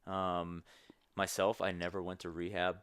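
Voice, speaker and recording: A man's voice: low voice, completely flat delivery, unhurried, a bit bright, clean tone. A young man talking candidly as a podcast guest, earnest and rambling with many restarts. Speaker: podcast guest, strength coach. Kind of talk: candid conversational interview.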